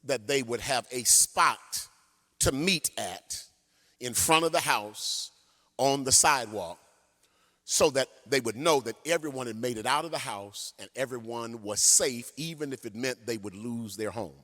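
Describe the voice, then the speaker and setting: A man pastor preaching a sermon and telling a story in an animated way, sometimes singing his phrases. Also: mid-range voice, a little slow. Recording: long church hall reverb.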